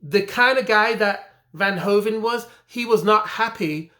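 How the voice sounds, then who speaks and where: A man's voice: high-pitched, measured pace, sharp tone. An English man ranting indignantly about a boxing result, repeating his points with emphatic frustration. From England. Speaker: boxing commentary vlogger. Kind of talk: heated opinion rant.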